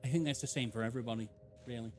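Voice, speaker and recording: A man's voice: mid-range voice, steady tone, rapid-fire, over music. A man from England with an English accent, chatting casually and swearing as he answers chat during a live game stream.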